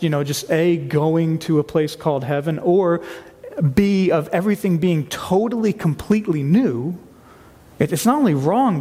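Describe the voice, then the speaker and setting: A man's voice: a little high, a little mellow, husky, in a large hall. A man preaching a sermon to his church, reading scripture aloud with earnest emphasis. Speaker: pastor. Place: church sanctuary.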